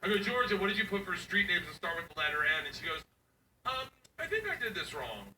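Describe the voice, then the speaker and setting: A man's voice: high voice, fairly quick. A middle-aged man doing stand-up, acting out his daughters' voices as he tells the story. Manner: animated, acts out his daughters in quoted voices. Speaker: stand-up comedian. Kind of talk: stand-up set before a live audience. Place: comedy venue. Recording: echoey venue, distant mic, audience noise.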